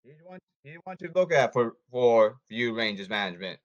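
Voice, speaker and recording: A man's voice: medium pitch, big pitch swings, normal speed, muffled recording. A man hosting a sports podcast who talks in a blunt, hectoring way and repeats himself, in a casual commentary monologue.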